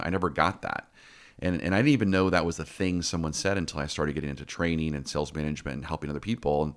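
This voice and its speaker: A middle-aged man hosting a casual podcast chat, telling stories with many restarts and repeated words. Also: a bass voice. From Texas. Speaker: podcast host.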